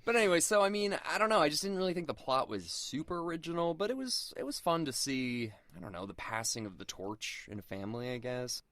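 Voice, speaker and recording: A man co-hosting a podcast, chatting casually about a film with plenty of "like" fillers and animated jumps in pitch. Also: fast, hardly any pauses, no echo. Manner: lots of "like" fillers, animated, leaps up in pitch for quoted lines. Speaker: podcast co-host. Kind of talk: casual film review chat.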